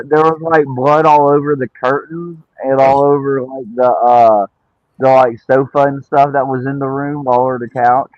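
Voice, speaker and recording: A man's voice: medium pitch, dry recording, highs cut off. A man, a wrestler guest, telling stories in a laid-back way with lots of "like" fillers. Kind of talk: casual storytelling.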